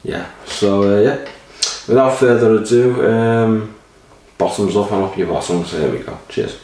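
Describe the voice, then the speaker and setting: A man's voice: fairly low pitch, a little slow, mellow, a little hiss or hum. A man rambling casually and swearing while reviewing a beer, a little sleepy. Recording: roomy echo, mic at a distance.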